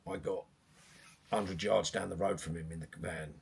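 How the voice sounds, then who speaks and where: A middle-aged man, a boxing coach telling stories in a podcast chat, animated and rambling with restarts. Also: low voice, moderate pace, vocal fry, breathy edge. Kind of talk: conversational podcast storytelling.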